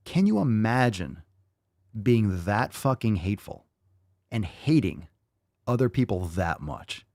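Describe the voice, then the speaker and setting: Animated, profane male podcast host. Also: lowish voice, measured pace, dry recording, studio quality. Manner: profane, incredulous, repeats phrases for emphasis. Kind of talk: casual ranting commentary.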